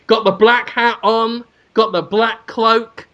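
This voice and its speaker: A man's voice: very high voice, steady tone, slow pace, pushed and bright, dull audio. A man, co-hosting a comedy podcast and spinning a rambling, crude, absurd story. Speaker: podcast co-host.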